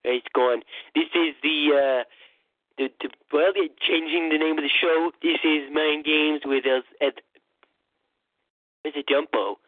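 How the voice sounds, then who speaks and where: A man's voice: fairly high pitch, fairly even intonation, a little slow, long pauses, no echo. A man putting on a boastful, rambling old male politician parody in a comedic impression monologue, stammering and repeating himself. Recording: tinny phone-like dry sound.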